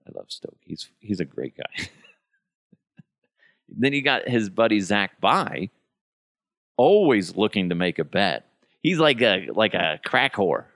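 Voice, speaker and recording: A man riffs through a profane comedic monologue, mocking coworkers one by one. His lowish voice swings widely in pitch, and the sound is close and dry. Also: sing-song, measured pace, pauses often, fairly bright tone, dry recording. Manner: mocking, profane, breaks into impressions. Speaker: podcast host.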